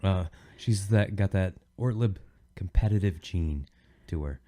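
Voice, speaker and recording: Deep-voiced man telling a rambling story. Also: a little slow, dark tone. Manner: rambling storyteller, many "you know"s. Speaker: podcast host. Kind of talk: casual chat.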